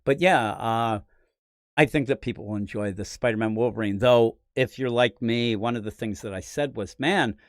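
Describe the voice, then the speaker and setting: Excitable man chatting about comics. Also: medium pitch, normal speed, no echo, clean studio sound. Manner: animated, rambling, laughs often. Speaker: podcast host. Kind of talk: casual comic book chat.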